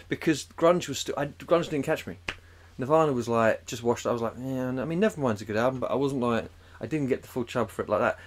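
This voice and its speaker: A man, co-hosting a podcast in casual chat, rambling and swearing as he jumps into put-on voices. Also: medium pitch. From England. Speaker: podcast co-host.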